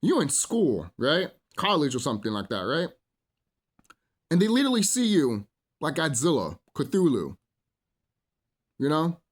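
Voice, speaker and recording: A man delivers a profane, rambling solo rant, stumbling through fillers as he preaches to his listeners. His voice sits somewhat high and swings widely in pitch as he works himself up. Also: huge pitch swings, measured pace, long pauses. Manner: preachy, addresses listeners as brothers and sisters. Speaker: vlogger. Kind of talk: solo ranting monologue.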